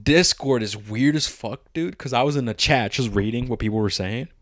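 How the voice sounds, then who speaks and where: A man's voice: medium pitch, normal speed, no echo, studio quality. A young man co-hosting a podcast, chatting casually, telling stories animatedly with frequent laughter and swearing. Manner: animated storyteller, laughs often, swears a lot. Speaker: podcast co-host. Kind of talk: casual chat.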